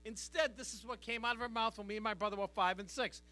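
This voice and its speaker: A man's voice: high-pitched, fairly even intonation, fast, sharp tone. A middle-aged man doing a stand-up comedy routine on a live stage, working the crowd with a brash, punchy delivery. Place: live stage before an audience.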